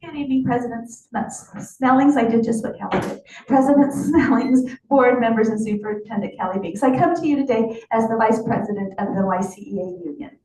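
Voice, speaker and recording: A woman with a slightly high voice gives a formal public comment at a board meeting. She sounds distant from the mic, and the large hall rings around her words. A faint murmur of room noise sits underneath. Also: brisk, few pauses, warm tone. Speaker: union vice president addressing school board. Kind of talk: public comment reading a letter.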